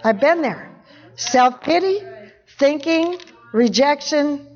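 A woman with a bright, high voice preaches in a loose, conversational way, chuckling as she goes and circling back on key phrases. The recording is muffled and lo-fi. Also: lively intonation, takes it slowly. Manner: conversational, laughs often, repeats phrases for emphasis. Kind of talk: informal sermon teaching. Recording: dull lo-fi recording.

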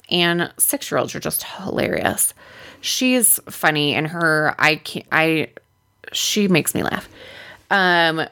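A woman co-hosting a podcast, telling a story in casual chat and acting out the voices of the people in it. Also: sits low. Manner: animated, acts out quoted voices. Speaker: podcast co-host.

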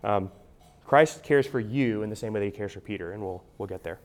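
A man's voice: fairly low pitch, fairly quick. A man preaching an expository sermon as a pastor, explaining in a conversational teaching manner with frequent restarts and an asked "right?".

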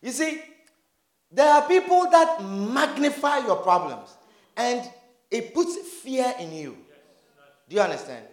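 High-voiced animated male preacher. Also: measured pace, long pauses. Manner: animated, acts out dialogue, shouts and laughs. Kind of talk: sermon. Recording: roomy echo.

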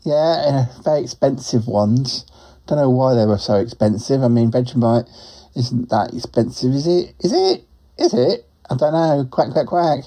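Using a mellow, natural mid-range voice at a moderate pace, a man performs a traveling duck reporter. The character is chatty and good-natured, rambling, giggling and ending sentences with quacks in this comic monologue.

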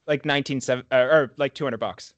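A man's voice: medium pitch, dry recording, dull audio. A man hosting a comedic movie podcast, chatting casually and cracking jokes. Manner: jokey, prone to quick put-on voices and laughter. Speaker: podcast host.

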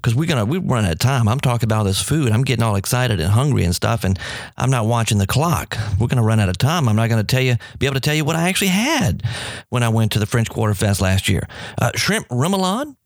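Excitable New radio host, man. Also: quick pace, dry recording, studio quality. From New Orleans. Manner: enthusiastic, rambling, pitch jumps when excited. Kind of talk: radio talk about food.

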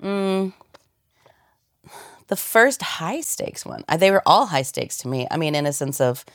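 A woman's voice: sits low, big pitch swings, unhurried, no room sound, clean studio sound. A woman voice actor with a cold, chatting animatedly in an interview and laughing often. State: has a cold. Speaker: voice actor guest. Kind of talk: casual interview chat.

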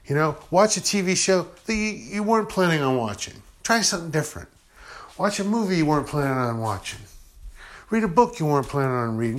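A middle-aged man with a fairly high voice talks through his ideas on his podcast. He rambles earnestly, circling back on his points. He often slips into quick voices for the people he quotes. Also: a bit bright. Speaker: podcast host. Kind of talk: casual spiritual monologue.

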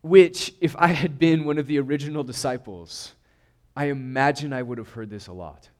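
A man's voice: mid-range voice, moderate pace, darkish tone. A man preaching a sermon in an earnest, emphatic way, often restarting and repeating words. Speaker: pastor.

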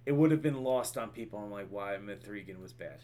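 A man's voice: lowish voice, lively intonation, fairly quick, dark tone. A man co-hosting a movie podcast, casual chat with wry joking asides. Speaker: podcast co-host.

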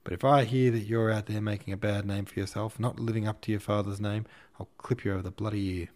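A man voicing a gruff, irascible old prince who talks brusquely and quickly, barking his words. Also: lowish voice, steady tone, a little mellow, close to an everyday voice. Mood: angry.

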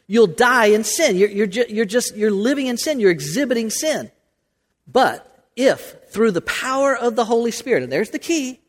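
A man preaching a sermon as pastor, talking conversationally with frequent restarts and rhetorical questions. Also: sits high. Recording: long hall reverb.

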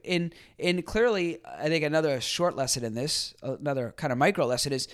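A man's voice: a little high, expressive, fairly quick, hardly any pauses, clean tone. Man hosting a sales podcast. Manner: conversational, many fillers and restarts; acts out quoted people in a livelier voice. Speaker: podcast host. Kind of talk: casual solo commentary.

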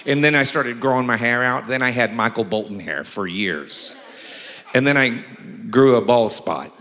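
Male pastor with a bright, forceful voice, preaching in a large church with long reverb; jokey asides and emphatic scripture. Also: mid-range voice, moderate pace. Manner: humorous storytelling mixed with emphatic scripture reading. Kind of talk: sermon.

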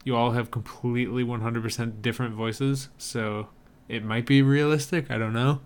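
A man with a smooth, clear voice talks through movie trailers in an easygoing, wry way. He muses thoughtfully and keeps the tone relaxed, as a co-host in a casual chat. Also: mid-range voice, moderate pace. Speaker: podcast co-host.

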